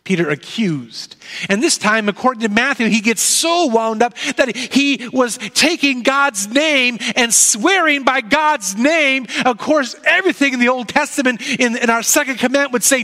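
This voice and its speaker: A man preaching a sermon, telling the story dramatically and dropping to soft, low tones at key moments. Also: animated, moderate pace. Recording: echoey hall.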